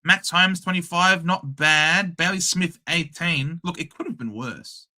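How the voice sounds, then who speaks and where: A young Australian man hosting a casual live watchalong, calling the play in a chatty, excitable and blunt way. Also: fairly high pitch, measured pace. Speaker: host. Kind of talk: casual live match commentary.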